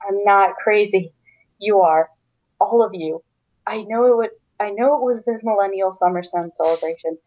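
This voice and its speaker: A woman's voice: medium pitch, moderate pace, dry recording, lightly acted. Woman playing a weary, defensive young mare. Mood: desperate. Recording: dry, dull lo-fi sound.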